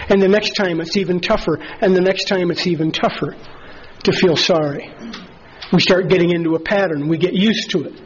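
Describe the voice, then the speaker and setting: A man preaching a sermon as pastor, earnest and measured, slowing down to stress key phrases. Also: high-pitched, breathy edge, highs cut off.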